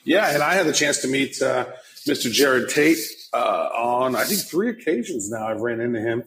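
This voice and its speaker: A man's voice: medium pitch, expressive, normal speed, a bit bright, slight background noise, low-quality recording. A man co-hosting a casual podcast, teasing his partner and mocking himself. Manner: playful, teasing, self-mocking. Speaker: podcast co-host.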